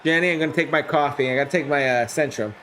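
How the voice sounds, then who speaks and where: Excitable man calling a game live. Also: fairly high pitch, fast talker, a little hiss or hum. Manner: excitable, bursts up on big plays, chats loosely with viewers. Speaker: streamer commentating a simulated game. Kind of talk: live-stream play-by-play with chat replies.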